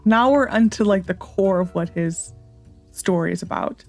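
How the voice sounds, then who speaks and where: A woman's voice: mid-range voice, normal speed, gravelly, soft background music. A woman hosting a gaming channel, chatting casually and thinking aloud as she plays. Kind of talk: casual let's-play commentary.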